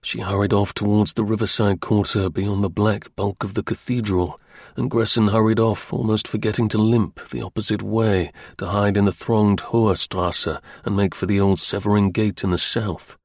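A man reading a novel aloud as an audiobook narrator in a measured, literary way. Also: on the low side, level tone, a little mellow, no room sound, clean studio sound. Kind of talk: scripted narration.

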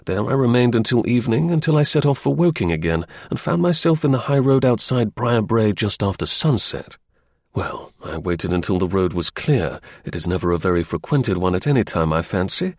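A man reads a brisk, dry-witted middle-aged detective. His speech is crisp, measured and confident, with a gravelly, husky texture. It sounds dry and close to the mic. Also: mid-range voice, lively intonation, a little mellow, no room sound. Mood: recounting.

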